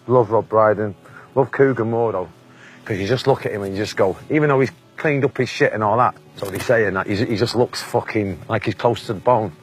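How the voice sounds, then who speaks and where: A man's voice: on the low side, fairly quick, faint music behind. A Mancunian man in his forties, telling blunt, sweary anecdotes in a casual interview and laughing often. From England.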